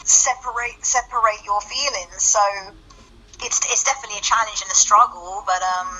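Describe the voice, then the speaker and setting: A woman's voice: mid-range voice, fairly even intonation, normal speed, bright, forceful tone, husky, rough recording. A woman from the United Kingdom with a British accent, a podcast guest talking earnestly and chattily, with many restarts. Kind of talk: casual chat.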